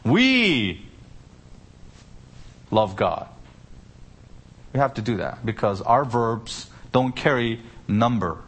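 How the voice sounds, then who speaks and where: A man's voice: medium pitch, slow, slightly rough. A man preaching an expository sermon, stressing key words with sudden lifts and asking rhetorical questions. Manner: explains Greek grammar with rhetorical questions. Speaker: pastor.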